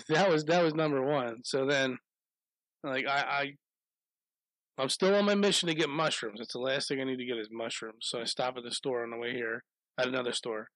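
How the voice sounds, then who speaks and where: Man, casual storyteller, profane, rambling, dry close sound, mid pitch. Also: normal speed, fairly bright tone, no echo, low-quality recording. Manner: profane, rambling, laughs through anecdotes.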